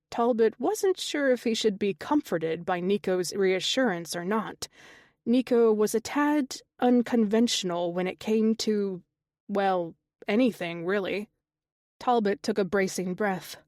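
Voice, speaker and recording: A woman's voice: mid-range voice, unhurried, a little mellow, no room sound. Woman reading an audiobook, dry and close. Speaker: audiobook narrator. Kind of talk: scripted narration.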